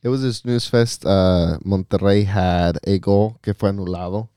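A man's voice: sits low, steady tone, normal speed, mellow, clear, resonant tone, no echo, studio quality. A man co-hosting a soccer podcast, laid-back and casual, saying "bro" a lot and mixing in Spanish. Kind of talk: casual sports chat.

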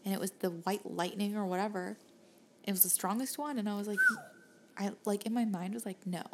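A woman's voice: mid-range voice, steady tone, brisk, darkish tone, a little hiss or hum. A young woman with a Southern US accent, co-hosting a podcast and telling stories in casual, rambling chat. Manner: rambling storyteller, laughs easily. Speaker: podcast co-host.

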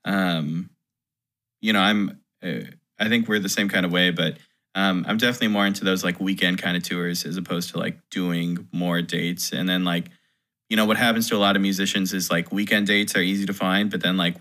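A man's voice: low voice, steady tone, normal speed, pushed and bright. A man, a touring musician, telling a story in casual podcast chat, rambling and full of "like". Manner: rambling, heavy use of "like".

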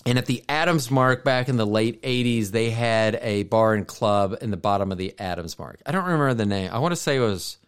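A man's voice: fairly low pitch, fairly quick, hardly any pauses, clean tone. A man co-hosting a podcast in casual chat, telling stories in a rambling way with many asides and restarts. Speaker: podcast co-host.

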